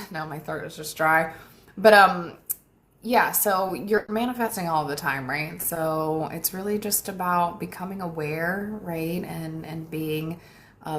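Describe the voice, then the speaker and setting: A young woman with a slightly low-pitched voice hosts a relaxed livestream. She reads comments out loud and answers them in a warm, chatty way. She often thanks her viewers and laughs lightly. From United States. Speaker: manifestation coach hosting a livestream. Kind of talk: casual livestream chat reading viewer comments.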